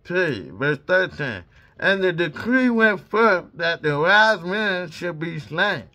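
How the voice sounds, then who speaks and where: Slow, lively man reading scripture aloud. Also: sits high. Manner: reads punctuation marks aloud; drops into casual asides between verses. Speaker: Bible reader.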